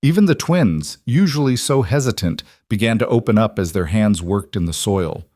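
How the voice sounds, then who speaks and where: A man narrating a scripted story in an even, measured way. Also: on the low side, no echo, studio quality.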